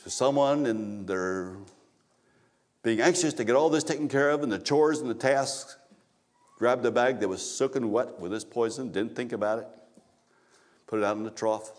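Male pastor preaching a story-driven sermon in church, halting restarts, emphatic repetition. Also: medium pitch. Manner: storytelling, repeats phrases for emphasis, frequent restarts.

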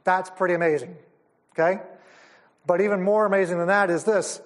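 High-voiced enthusiastic male Bible teacher. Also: fairly even intonation, brisk. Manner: enthusiastic, explaining step by step. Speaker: Bible conference speaker. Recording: audio of a live talk.

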